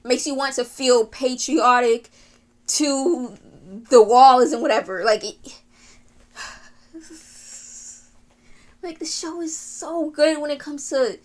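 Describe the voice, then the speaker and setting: A woman's voice: sits high, slow, pauses often. A woman giving a rambling, gushing anime rant, with frequent sighs, laughs and fillers. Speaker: anime video creator.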